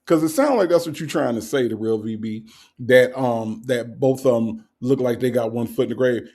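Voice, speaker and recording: Gravelly-voiced man teasing his live chat. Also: medium pitch, moderate pace, darkish tone. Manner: teasing, laughs often, repeats rhetorical questions. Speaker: livestream host reading chat. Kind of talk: casual live commentary.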